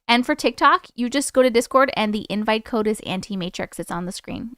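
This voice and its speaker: A young woman hosting a casual livestream, chatty and excitable with her viewers and swearing freely. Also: fairly high pitch, a little fast, no room sound, studio quality. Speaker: livestream host.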